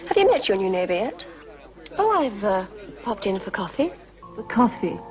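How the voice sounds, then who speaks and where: A woman's voice: medium pitch, big pitch swings, moderate pace, music in the background, close to an everyday voice. A woman playing a flirtatious neighbour in a muffled TV clip. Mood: coy. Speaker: woman in a coffee advert. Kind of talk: 1980s TV commercial acting.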